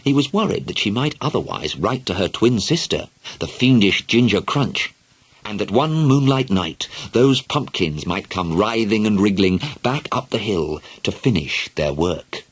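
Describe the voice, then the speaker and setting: A man narrating children's stories with an expressive, playful reading. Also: fairly low pitch, unhurried, breathy edge. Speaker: audiobook narrator. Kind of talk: storybook narration.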